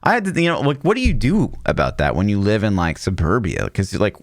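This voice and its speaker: A man in his thirties with a very low voice that swings widely in pitch, telling casual stories on a podcast and swearing freely. The sound is dry and close. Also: very animated, fairly quick, dry recording. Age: 30s. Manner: loose, storytelling, swears freely. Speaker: podcast co-host. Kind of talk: casual chat.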